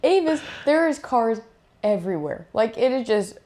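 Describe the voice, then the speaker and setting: A young woman, a pro beach volleyball player, casually telling a travel story with lots of fillers and acted-out quotes. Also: normal speed. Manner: animated, acts out quotes in higher voice; many fillers, "like" and "I'm like".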